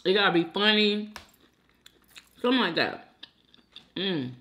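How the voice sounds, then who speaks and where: A woman's voice: mid-range voice, expressive, unhurried, fairly bright tone. A young adult woman hosting a mukbang, chatting casually to her viewers while she eats and calling them y'all. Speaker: mukbang host. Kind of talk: casual chat while eating.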